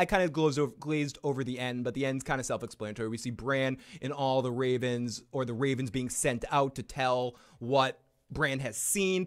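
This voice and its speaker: A man hosting a video show, giving casual, profane, joking reaction commentary and laughing often. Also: mid-range voice. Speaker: YouTube show host.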